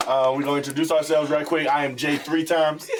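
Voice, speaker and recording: A man's voice: a little high, flat delivery, a little fast, background noise. A young man hosting a casual group podcast, laid-back and laughing often. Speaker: podcast host.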